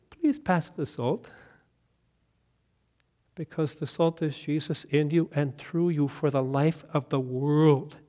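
Male pastor, sermon; high-pitched, very expressive delivery that jumps between loud and hushed. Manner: animated, swings from loud emphatic lines to quiet hushed ones; laughs and asks listeners questions.

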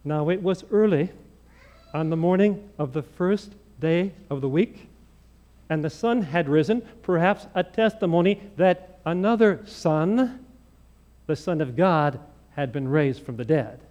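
A man with a high voice preaches a homily and builds it around a story. He tells it in an animated way, acting out the dialogue with lively ups and downs. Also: unhurried. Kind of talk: sermon storytelling.

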